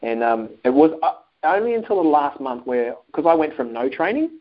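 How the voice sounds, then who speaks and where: His voice is on the high side and fairly quick as he tells a personal story as a guest in a relaxed interview. Animated, he acts out phone calls and people's remarks, recorded with dull lo-fi sound.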